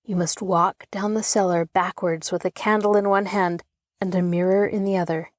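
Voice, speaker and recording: A woman voicing a bossy young girl who leads a party game, speaking in a commanding, brisk way. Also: mid-range voice, fairly even intonation, dry recording, studio quality, lightly acted.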